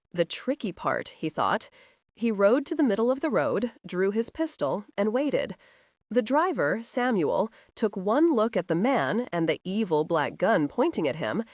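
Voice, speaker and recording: Expressive woman narrating a romance audiobook. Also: medium pitch, no echo, clean studio sound. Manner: expressive, voices each character.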